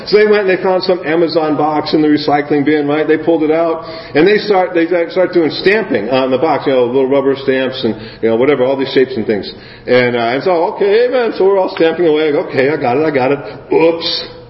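A man preaching a sermon, telling a lively story and acting out children's voices. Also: on the high side, brisk. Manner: animated storyteller, acts out kids' voices. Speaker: guest preacher. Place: church sanctuary. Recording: echoey hall, slightly dull sound.

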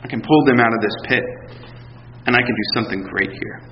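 A preacher voicing God, calm and reassuring. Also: male voice, medium pitch, brisk, slight background noise, voice pushed down, lightly acted. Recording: echoey hall, dull sound.

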